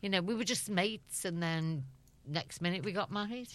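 A woman's voice: lowish voice, moderate pace, no room sound. A middle-aged woman with a Liverpool accent, a chatty guest telling stories in an interview and laughing often. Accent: Liverpool (Scouse). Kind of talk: anecdotal interview chat.

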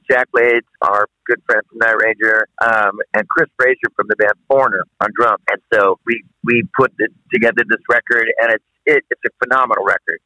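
A man's voice: mid-range voice, bright, forceful tone, no echo. A man, a guest rock singer, rambling loosely and laughing easily while on speakerphone in a car. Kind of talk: casual interview by phone. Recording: phone line from a car.

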